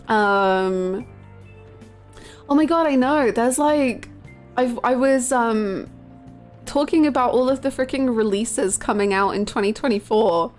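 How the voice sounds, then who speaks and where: A woman streamer chatting casually and rambling, giggling as she gushes over a game character. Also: a little high. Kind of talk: casual live-stream chat.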